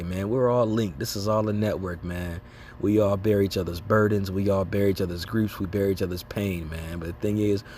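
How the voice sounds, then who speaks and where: Man preaching informally, lowish voice, slangy, faint background noise. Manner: casual slangy preaching, repeating "man" and "okay?"; laughs and acts out reactions. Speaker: lay preacher. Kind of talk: informal religious exhortation.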